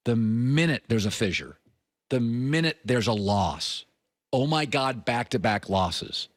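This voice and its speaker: A middle-aged man hosting a sports talk show, delivering an opinionated monologue with emphatic swings between punchy high lines and low, confiding asides. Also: animated, measured pace, no echo, studio quality.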